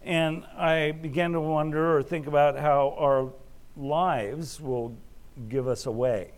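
A middle-aged man preaching a sermon in a relaxed, conversational way, often restarting his phrases as he tells personal stories. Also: fairly high pitch, takes it slowly. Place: Alaska.

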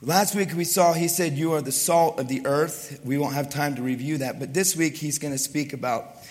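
A middle-aged man preaching a sermon as pastor, hoarse and raspy-voiced, chatty and self-deprecating. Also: on the high side, moderate pace. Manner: chatty and self-deprecating, then hushed in prayer. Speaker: wrestling coach. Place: church sanctuary. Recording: long hall reverb.

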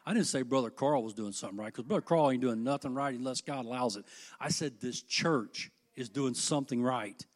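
A middle-aged man preaching a sermon, folksy and impassioned, moving between hushed asides and loud, emphatic peaks. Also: mid-range voice, fairly quick.

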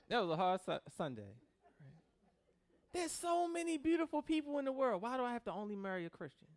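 A man's voice: very high-pitched, sing-song, moderate pace, long pauses. A man preaching a sermon as pastor, joking with the congregation and mimicking people in a loose, conversational way.

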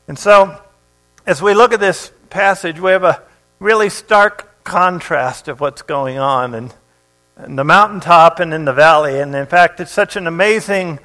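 Man, high-pitched voice, sermon, scripture reading, conversational preaching, fillers and restarts. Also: normal speed, a bit bright, low-quality recording. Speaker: pastor.

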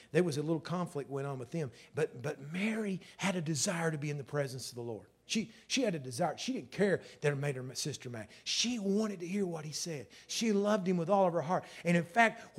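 A male pastor preaching a sermon with passion, dropping low and then rising loud. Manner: impassioned, swings from soft to loud.

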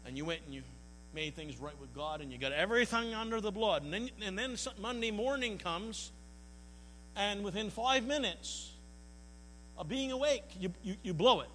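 A man's voice: sits high, animated, normal speed, pushed and bright. Man, pastor, sermon, earnest folksy delivery, repeats words, long hall reverb, faint mains hum. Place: church hall.

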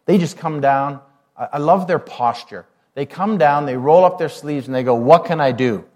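A man's voice: fairly high pitch, moderate pace, darkish tone. A man, a pastor preaching a sermon in a conversational way, often asking the congregation questions.

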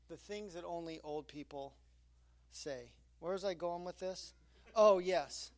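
A man's voice: a little high, measured pace. A middle-aged man preaching a sermon as pastor, telling stories with quoted asides. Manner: animated storytelling with quoted asides.

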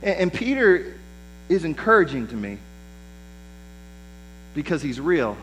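A pastor preaches a sermon conversationally, acting out the lines of the people he quotes. His voice is a little high, bright, and sing-song, a bit slow, on a low-quality recording with a little hiss or hum.

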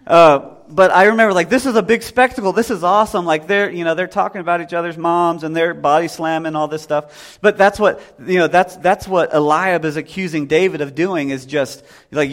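A man's voice: fairly high pitch, brisk, few pauses. Conversational man preaching a casual sermon. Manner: conversational, acts out voices.

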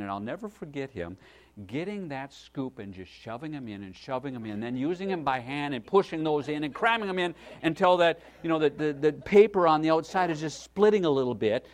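A man preaches a sermon in a slightly high, brisk voice, telling a story in a folksy, lively manner and frequently checking in with a "right?"

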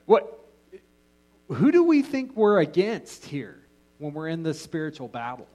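A man's voice: a little high, huge pitch swings, a little slow, mellow, rough recording. A man teaching an informal Bible class in a casual, joking way, often restarting his sentences.

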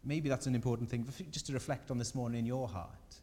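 A man preaching a sermon as pastor, earnest and gentle, his emphasis rising on key points. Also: mid-range voice, steady tone, quick pace, in a large hall. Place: church.

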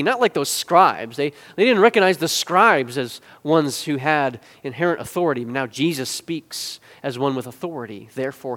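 A man preaching with animated swings between hushed asides and loud, emphatic climaxes. His voice sits a little high for a man and rings out with a long hall reverb, as if recorded in a church sanctuary. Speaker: pastor. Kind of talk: sermon.

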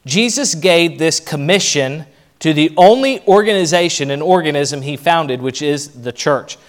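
Male pastor, forceful pulpit preaching with swings in volume, voice on the higher side. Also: animated, unhurried. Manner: emphatic preaching, rising and dropping in loudness. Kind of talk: sermon.

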